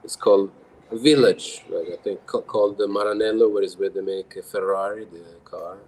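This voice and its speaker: Italian-accented male podcast guest, very low and mellow, halting delivery with fillers. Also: fairly even intonation, slightly rough, rough recording. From Emilia, Italy. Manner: hesitant, pauses often with fillers. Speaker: guest brewery owner. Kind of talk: casual podcast chat.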